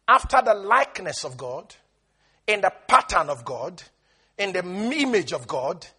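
Brief: emphatic male preacher, very high and bright, lively call-and-response delivery. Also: a little slow, breathy edge. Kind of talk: sermon.

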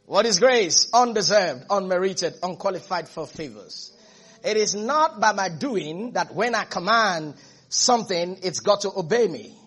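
A man's voice: sits high, expressive, a little slow, a bit bright, husky. A man preaching a sermon as pastor, emphatic, repeating phrases and asking the congregation if they are listening.

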